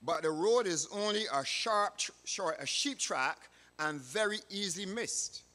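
A man's voice: sits high, lively intonation, measured pace, pushed and bright, voice pushed up, exaggerated voice. A man voicing an honest young shepherd boy, earnest and steadfast in a sermon story, in a reverberant hall. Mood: firm, earnest.

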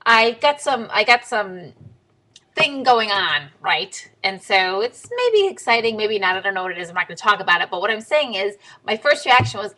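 A young adult woman talking straight to the camera in a casual video diary, blunt and animated, jumping her pitch up high when she quotes people. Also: normal speed. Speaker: vlogger.

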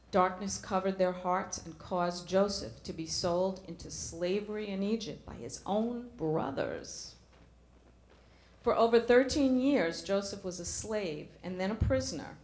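A middle-aged woman delivers a sermon in a church. She speaks earnestly, often asking her listeners questions. Her voice sits at a typical pitch and carries the echo of the room. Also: a little mellow. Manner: earnest, rhetorical questions to the congregation. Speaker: preacher.

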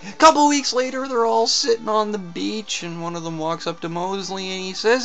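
A man narrating a comic tale in a deadpan, meandering way. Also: high voice, moderate pace, faint music behind. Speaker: comedic storyteller. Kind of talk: comic storytelling.

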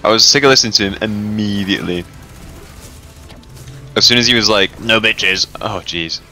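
Swearing gamer, bright low voice. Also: male voice, normal speed, faint music behind. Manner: profane, joking banter with frequent laughs. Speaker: gamer in a raid. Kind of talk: casual voice chat while gaming.

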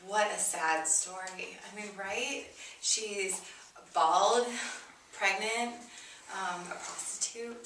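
A woman talks slowly and ramblingly, playing a ditzy actor at an audition. Her voice is bright and forward. The room is echoey, she sits a little back from the mic, and there is faint noise behind her. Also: mid-range voice, recorded from a distance. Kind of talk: comedy sketch acting.

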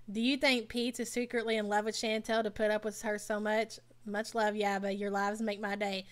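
A woman's voice: medium pitch, steady tone, normal speed. A woman hosting a live stream, giving blunt, sassy commentary and talking back to her chat. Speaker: live stream host reacting to a reality show.

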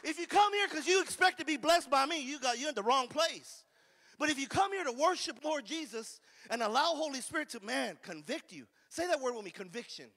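A man's voice: very high voice, expressive, brisk, pushed and bright, in a large hall. A man preaching a fervent sermon as pastor, drawing call-and-response amens from the congregation.

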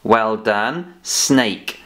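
Guy teaching kids phonics, talks slow, a bit scoldy but playful. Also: fairly low pitch, slight background noise. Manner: gently scolding, patient, playful. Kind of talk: children's phonics lesson.

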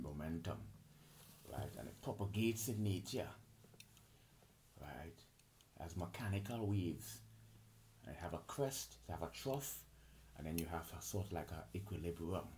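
A very low-pitched man lecturing alone, reeling off long lists of terms and tripping over his words as he goes. Faint clicks and a light hiss sit under his voice. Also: a little mellow. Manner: lists terms, restarts and stumbles often. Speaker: channel host. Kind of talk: rambling solo lecture.

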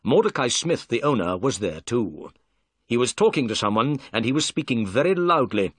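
A man reading a confident, commanding detective, brisk and assured in a storybook reading. The pitch moves in a lively way while staying close to the reader's own register. The sound is close and dry, with no room around it. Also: no room sound.

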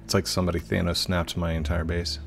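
Man with a low voice hosting casual gameplay commentary. He is chatty, laughs easily and drops self-deprecating asides. Quiet music plays underneath. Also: creaky. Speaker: game channel host.

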